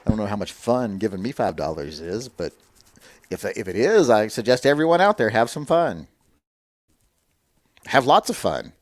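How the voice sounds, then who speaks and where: A man's voice: on the low side, big pitch swings, normal speed, long pauses, dry recording, studio quality. A man hosting a casual livestream chat, answering viewer comments in a blunt, opinionated, lecturing way. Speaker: livestream host.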